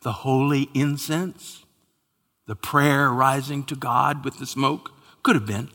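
A man preaching a sermon with dramatic swings between loud exclamations and hushed whispers, in a large church hall. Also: medium pitch, steady tone, takes it slowly. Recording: hall reverb.

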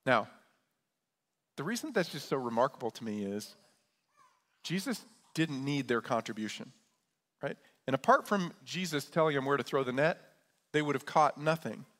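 A man's voice: mid-range voice, animated, moderate pace, pauses often, fairly bright tone. A man, a pastor, preaching a sermon in a conversational way, often checking in with his listeners. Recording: long church reverb.

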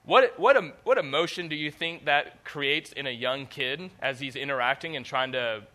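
A man preaching a sermon, reading scripture aloud and asking the audience questions in an animated way. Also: mid-range voice, moderate pace.

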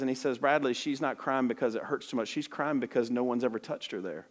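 A man with a slightly higher voice preaches a sermon as a missionary. He tells his story earnestly, repeats and restarts words, and sinks into quiet, hushed tones at the tender moments.

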